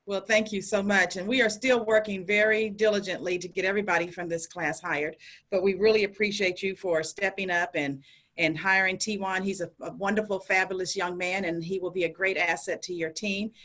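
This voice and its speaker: A woman running a program, speaking warmly and thanking employers at an online graduation. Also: medium pitch, fairly even intonation, fairly quick. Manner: warm, appreciative. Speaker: program organizer. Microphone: video call.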